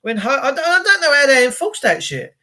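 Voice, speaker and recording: Bloke hosting a stream, rambly and blunt, higher voice. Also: male voice, big pitch swings, fairly quick, sharp tone. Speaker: livestream host. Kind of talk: casual rambling livestream rant.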